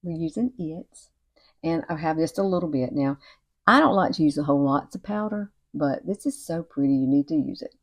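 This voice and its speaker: A beauty vlogger in her 60s walks through a casual makeup tutorial at home at night, with cicadas audible outside. Chatty and encouraging, she often says y'all and keeps calling the viewer girl, speaking fairly quickly in a slightly low voice with lively intonation.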